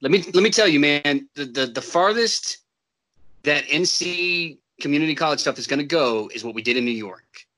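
A man in a casual chat who laughs often and drops swear words into drawn-out asides. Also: a little high, lively intonation, sharp tone.

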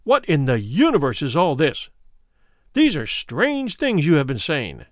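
A man reading aloud voices a startled innkeeper in a storybook, asking slow, bewildered questions. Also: fairly high pitch, huge pitch swings, dry recording, studio quality, exaggerated voice. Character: flustered male innkeeper, startled and pious.

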